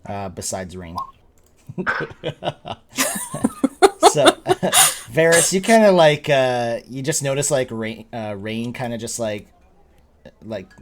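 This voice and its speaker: A man's voice: medium pitch, animated, slow pace, long pauses, noisy background. A man narrating as game master of a tabletop game, rambling with many fillers and frequent laughs.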